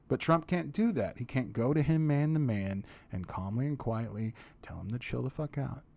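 A man hosts his own podcast and rants with plenty of swearing. He slips into mocking impressions as he goes. His voice sits in an ordinary middle pitch. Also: animated, normal speed, creaky, hardly any pauses, dark tone, slight background noise. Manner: profane, ranting, mocking impressions. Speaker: podcast host. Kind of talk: solo podcast rant.

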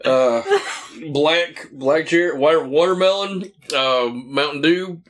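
A man's voice: a little high, slow, fairly bright tone. A man chatting casually over a wrestling match, often stammering and restarting, with crude jokes. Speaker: co-host watching wrestling.

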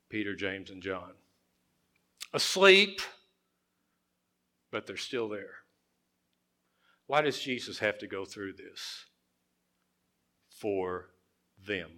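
A male pastor preaching a sermon in a conversational way, repeating phrases and dropping his voice to a hush for emphasis. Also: on the low side.

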